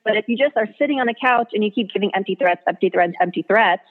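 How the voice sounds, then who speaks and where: A medium-pitched woman talks fast over a tinny phone line in a casual interview chat. As a mother and blogger, she tells parenting stories earnestly and chattily, putting on her kids' voices.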